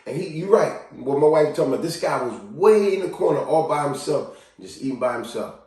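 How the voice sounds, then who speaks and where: A man giving a casual motivational talk to camera, animated, acting out cheerful greetings and quiet sad confessions. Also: a little fast, recorded from a distance. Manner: animated, acts out greetings in a higher voice and sad confessions in a low murmur. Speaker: vlogger. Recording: very echoey room, voice from off mic.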